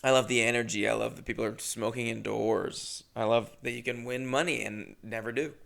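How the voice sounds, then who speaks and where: A young man hosting a podcast, telling a comedic story in a rambling, profane, animated way. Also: mid-range voice, brisk, creaky. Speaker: podcast host.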